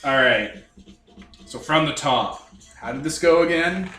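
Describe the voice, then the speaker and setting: A man's voice: a little high, lively intonation, measured pace, sharp tone. A man narrating a tabletop game as game master, setting scenes with wry asides. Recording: echoey room, from far off, music behind.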